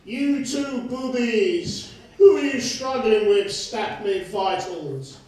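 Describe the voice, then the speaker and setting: A man acting a blustering, bossy pirate captain on an amateur pantomime stage, in a theatrical booming manner. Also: expressive, slow pace, a little mellow. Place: community stage hall. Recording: echoey hall from far off.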